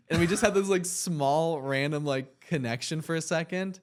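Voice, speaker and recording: A man's voice: a little high, normal speed. A young man co-hosting a podcast, telling a long personal story in a rambling, earnest, reflective way with many "like"s. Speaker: podcast co-host. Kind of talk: casual storytelling.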